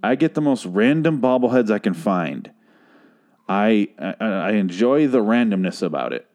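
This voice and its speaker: A man with a fairly low voice hosts his podcast and recaps a TV episode. He rambles, swears freely and mocks what he watched. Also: big pitch swings, normal speed, darkish tone. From Phoenix, Arizona, USA. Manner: rambling, sarcastic, swears a lot. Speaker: podcast host. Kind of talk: casual profane TV recap.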